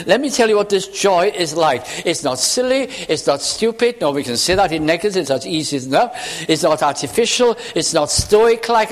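A man preaching a sermon, reading scripture slowly and explaining it in an earnest, measured way. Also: a little high. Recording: reverberant hall.

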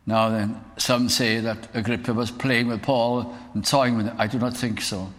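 A man preaches earnestly and builds at times into emphatic declamation. His voice sits at a middling pitch. The sound carries the long reverb of a church hall. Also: normal speed, fairly bright tone. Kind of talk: sermon.

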